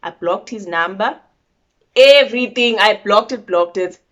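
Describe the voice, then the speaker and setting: A young woman with a South African accent, telling a story to her viewers in a blunt, animated storytime style. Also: mid-range voice, a little slow, dull audio. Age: young adult. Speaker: vlogger. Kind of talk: casual storytime.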